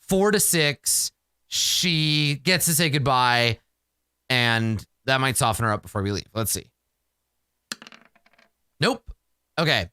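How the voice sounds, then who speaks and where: Guy narrating solo rpg to himself, cursing a lot, bright voice, dry close mic. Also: mid-range voice, slow pace, pauses often, clean tone, dry recording. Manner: excitable, swears freely, talks to himself. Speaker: solo tabletop game player. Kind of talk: narrating a solo tabletop game.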